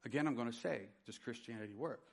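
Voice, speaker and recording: A middle-aged man preaching a sermon, telling his personal testimony with dynamic swings from loud emphasis to quiet. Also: mid-range voice, quick pace, vocal fry. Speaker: pastor.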